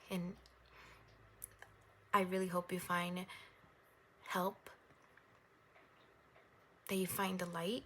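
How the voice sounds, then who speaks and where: A young woman doing a casual tarot reading, rambling gently and reassuringly and laughing at herself. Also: lowish voice, vocal fry, slight background noise. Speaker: tarot reader.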